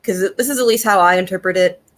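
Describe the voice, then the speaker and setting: A young woman with a lowish voice talks fast through a casual anime review. She's chatty and profane, with constant fillers such as "like" and "um" and plenty of laughs.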